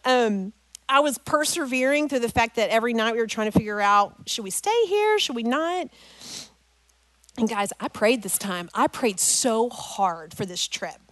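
Calling her listeners "guys," a middle-aged woman tells a parents' group a moving personal story and relates it to scripture. Her voice is a little high, her pace moderate, and there is no echo. The delivery is emotional and animated.

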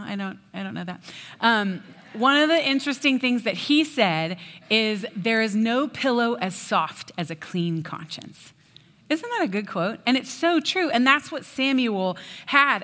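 A woman giving a sermon in a chatty, animated storytelling way. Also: medium pitch. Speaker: preacher. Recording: long hall reverb.

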